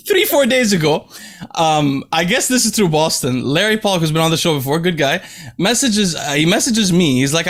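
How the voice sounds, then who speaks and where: A young man hosting a casual podcast chat, animated and laughing as he tells stories. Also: on the high side, fairly quick. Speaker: podcast host. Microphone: remote call mic.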